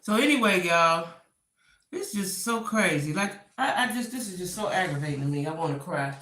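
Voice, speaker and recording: A woman's voice: fairly low pitch, lively intonation, normal speed, fairly bright tone, distant mic. A middle-aged woman, chatting casually and exasperated to her live stream viewers from home. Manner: exasperated, talks to viewers directly. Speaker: vlogger. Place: home room. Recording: roomy, away from the mic.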